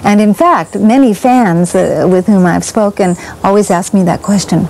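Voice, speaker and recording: A mellow, warm-toned woman recalls her acting days in an easy interview chat. She speaks at a middling pitch, breaking off and restarting her thoughts and chuckling now and then. Her tone stays soft and unhurried. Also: a little hiss or hum, poor audio. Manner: halting, with frequent restarts and chuckles. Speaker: actress being interviewed.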